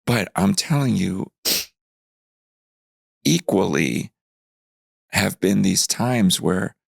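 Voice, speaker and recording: A man in his fifties, a pastor, telling a story earnestly in conversation, growing animated as he retells it. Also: low voice, very slow, vocal fry, breathy edge, no echo, studio quality. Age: 50s. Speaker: pastor, guest.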